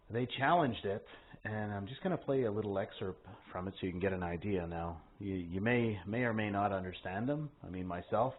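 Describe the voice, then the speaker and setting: Deep voiced guy rambling and cussing on his show, tinny phone sound. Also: breathy edge. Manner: rambling, heavy swearing. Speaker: host. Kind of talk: casual podcast monologue. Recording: tinny phone-like line with faint hiss.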